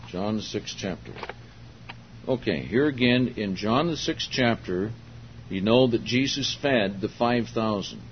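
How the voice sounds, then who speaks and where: An older man preaching a sermon, teaching slowly and deliberately, stressing key words and asking the congregation to follow along. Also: lowish voice, animated. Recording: dull lo-fi sermon recording with faint hiss.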